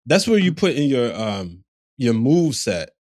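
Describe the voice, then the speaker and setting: A man's voice: medium pitch, sing-song, unhurried, a little mellow, no echo, clean studio sound. A man co-hosting a podcast in casual chat, laid-back and mostly chiming in with short agreement. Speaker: podcast co-host.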